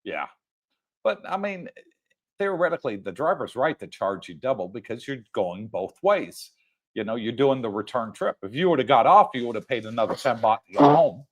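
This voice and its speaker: A man's voice: medium pitch, lively intonation, moderate pace. An older man co-hosting a livestream, chatting casually with fillers and frequent laughs. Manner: laughs often, rambling with fillers. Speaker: livestream co-host. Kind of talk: casual chat. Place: home livestream.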